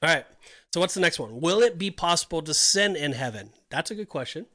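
A man with a bright, ringing voice talks through Bible verses on a podcast, often restarting his sentences as he thinks aloud. His pitch sits a little high, and the sound is close and dry with no room echo. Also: lively intonation, fairly quick. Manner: rambling, restarts often, explains with scripture references. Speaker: podcast co-host. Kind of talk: casual Bible discussion.

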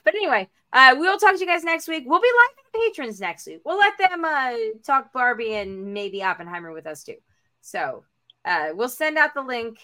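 A woman hosting a casual podcast, upbeat and quick to laugh as she wraps up the episode. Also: sits high, big pitch swings, bright, forceful tone. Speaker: podcast host.

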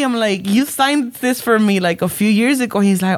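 A woman's voice: medium pitch, a little fast, hardly any pauses, no room sound, studio quality. A woman, telling a story in casual chat and switching between English and as she acts out what people said. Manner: animated storytelling, switching between English and Spanish, acting out quotes.

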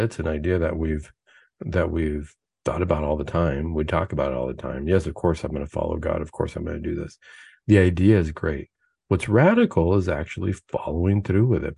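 Man, very low voice, mellow tone, earnest conversational preaching, dry close mic. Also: vocal fry, husky, dry recording. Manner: earnest, conversational, with fillers and rhetorical questions. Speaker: host of a Catholic talk show. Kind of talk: spoken reflection, casual preaching.

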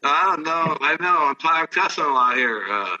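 A man's voice: on the high side, expressive, moderate pace, pushed and bright, recorded from a distance, dull audio. An older man, a former ballplayer, telling rambling, profane stories in casual chat. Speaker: guest, former baseball player. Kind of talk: casual storytelling.

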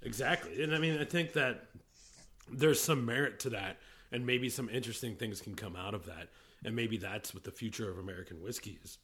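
A middle-aged man co-hosting a casual chat, rambling and often breaking off mid-sentence, quick to laugh. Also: fairly low pitch, fairly bright tone. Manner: rambling, self-interrupting, laughs easily. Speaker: podcast co-host, whiskey industry veteran.

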